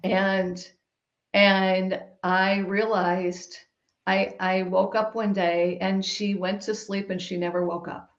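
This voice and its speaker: A woman guest telling a personal story in a podcast conversation, emphatic and lively. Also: medium pitch, takes it slowly. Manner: animated, emphatic storytelling with laughs. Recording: roomy, dull-sounding recording.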